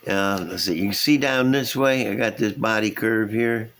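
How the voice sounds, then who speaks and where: A man's voice: fairly low pitch, moderate pace, a bit bright, a little hiss or hum. A middle-aged man, casually showing his model builds at an indoor workbench and chatting in a folksy, rambling way. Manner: folksy, rambling, chuckles at himself. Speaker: scale model builder, channel host.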